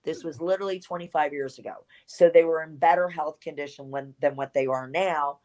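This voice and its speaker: Middle-aged woman, low voice, casual guest storyteller who acts out quotes and curses freely. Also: fairly quick, darkish tone, rough recording. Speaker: interview guest, former wrestler.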